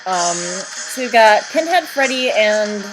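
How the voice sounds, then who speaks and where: A woman giving casual, chatty video commentary with excitable fan enthusiasm. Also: mid-range voice, takes it slowly, music in the background, low-quality recording.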